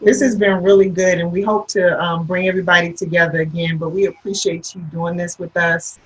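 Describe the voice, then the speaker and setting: A woman's voice: lowish voice, level tone, brisk, recorded from a distance, rough recording. Earnest mother, a bit off-mic. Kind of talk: casual panel chat.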